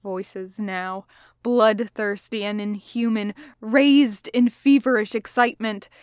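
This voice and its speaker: A woman narrates a story in a steady audiobook read, speeding up where the action turns tense. Her voice sits in a middle range, recorded dry and close with no room sound. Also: medium pitch, slow pace, clean tone, no echo. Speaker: podfic reader. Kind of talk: audiobook narration of fan fiction.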